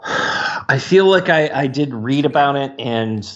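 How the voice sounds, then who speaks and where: A man's voice: mid-range voice, lively intonation, unhurried, fairly bright tone, dull audio. A man co-hosting a podcast, talking through a film episode in a hesitant, stammering way as he searches for words. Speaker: podcast co-host. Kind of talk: casual film discussion.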